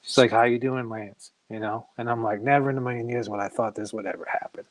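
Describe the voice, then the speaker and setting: A man's voice: medium pitch, fast, dry recording. A man from Massachusetts, a comic artist guest, telling long stories and acting out the dialogue of the people in them. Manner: animated storyteller who acts out quoted dialogue. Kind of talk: casual interview storytelling.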